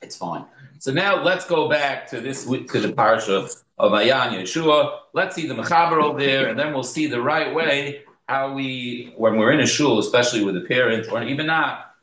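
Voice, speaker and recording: A man's voice: mid-range voice, normal speed, fairly bright tone, roomy sound, slight background noise, low-quality recording. A man teaching a Torah class as a rabbi, talking conversationally, asking rhetorical questions and mixing in Hebrew terms. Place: synagogue room.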